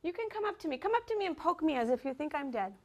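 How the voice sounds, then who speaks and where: A high-voiced woman leads a children's dance class in a classroom. She talks with lively energy, coaxing the kids along and counting the rhythm aloud. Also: very fast. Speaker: dance teacher.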